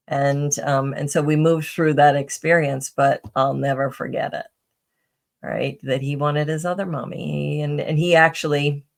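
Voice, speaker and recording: Her voice is deep with some vocal fry. This middle-aged podcast guest swaps personal anecdotes in relaxed interview style, loaded with fillers, restarts and the odd "right?"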